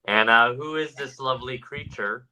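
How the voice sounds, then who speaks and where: A man from Georgia co-hosting a casual paranormal podcast, relaxed and quick to chuckle. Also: medium pitch, clean tone, poor audio. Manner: laid-back, chuckling reactions. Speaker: podcast co-host.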